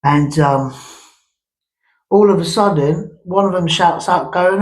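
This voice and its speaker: A man's voice: on the high side, steady tone, normal speed, poor audio. A man with a slightly raised speaking voice tells a ghost story about his old family home. He rambles and circles back, restarting sentences and adding casual asides as he goes. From England. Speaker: vlogger.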